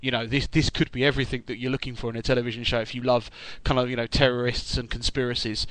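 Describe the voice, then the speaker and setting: A man's voice: medium pitch, level tone, fast talker, a bit bright, no room sound, poor audio. Casual male podcast co-host, rambling, self-correcting, dry close sound. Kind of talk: casual chat.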